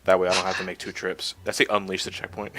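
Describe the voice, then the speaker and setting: A man's voice: low-pitched, completely flat delivery, a bit bright, slight background noise. A man playing a video game on a livestream, swearing and joking in casual commentary. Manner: laughing, swearing, quick retorts. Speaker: gamer playing on stream.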